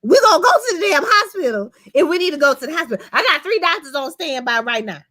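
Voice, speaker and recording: A woman doing a stern middle-aged man who refuses to take no for an answer, his voice climbing higher as he scolds and commands. He sounds protective and bossy, and he keeps pressing his point. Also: big pitch swings, fast, pushed and bright, heavily acted. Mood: insistent.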